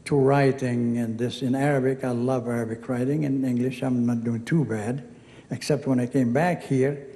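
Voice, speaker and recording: A man's voice: mid-range voice, fairly even intonation, moderate pace, mellow. Older Lebanese-accented man in a hall. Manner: chatty storyteller, acts out quoted dialogue. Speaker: honoree giving acceptance speech. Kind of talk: anecdotal speech. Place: event hall. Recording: reverberant hall.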